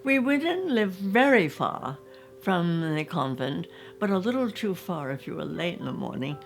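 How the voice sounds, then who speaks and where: Older English woman with a gravelly voice. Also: lowish voice, normal speed, soft background music. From England. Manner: reminiscing, animated, acting out scenes. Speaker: storyteller. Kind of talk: recounting childhood memories.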